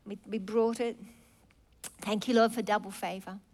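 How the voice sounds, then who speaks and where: A middle-aged woman preaching a sermon, expressive, swinging from soft, low asides to loud, exclaiming lines. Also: moderate pace.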